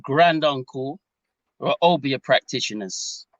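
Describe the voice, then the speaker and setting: A man's voice: mid-range voice, expressive, takes it slowly, fairly bright tone, no echo, lo-fi sound. A man with a London English accent, calling in politely with many hesitations and restarts. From England. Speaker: caller. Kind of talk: casual call-in conversation.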